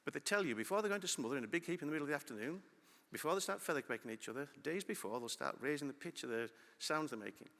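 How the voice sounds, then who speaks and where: A middle-aged man gives a conference talk in a large hall, and the long reverb follows his words. He speaks quickly with a bright, forceful tone and keeps putting questions to the audience. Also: a little high, creaky. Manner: lively, asks the audience questions.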